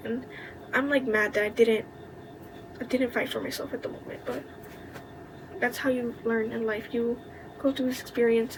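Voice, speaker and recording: A young woman telling a college story in a candid, indignant way, with plenty of swearing and quick asides. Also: a little high, background noise. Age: young adult. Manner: indignant, venting. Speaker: vlogger. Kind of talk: casual storytime chat.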